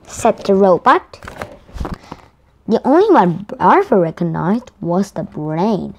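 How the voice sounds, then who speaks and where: Slow, lively woman reading a picture book. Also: mid-range voice, slightly rough. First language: Korean. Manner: careful, with restarts and self-corrections. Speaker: storyteller.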